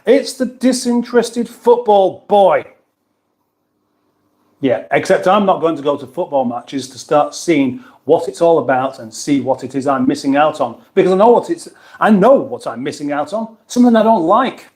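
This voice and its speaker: A man's voice: on the high side, a little fast, darkish tone. A British man hosting a casual livestream, chatting in a rambling way and reading out viewer comments. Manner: rambling, chatty, with many restarts and asides. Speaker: livestream host.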